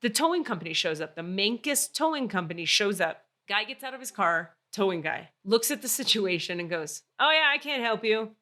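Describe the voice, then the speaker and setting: A woman hosting a podcast, telling a story in casual chat, animated and swearing freely. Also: medium pitch, fairly quick, hardly any pauses. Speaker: podcast host.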